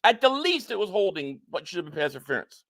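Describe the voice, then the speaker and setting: A man with a high voice speaks fast while livestreaming his reaction to a football game, reading viewers' chats aloud and calling plays. He talks excitably, repeats himself when worked up, and his mood swings from shouting at calls to flat frustration.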